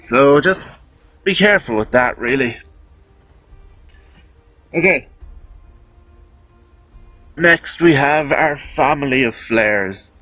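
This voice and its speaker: Slow-talking man narrating gameplay, dry. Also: mid-range voice, expressive, pushed and bright, no room sound, dull audio, faint music behind. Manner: chatty, offhand, self-amused. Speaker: game guide host. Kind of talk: casual gameplay commentary.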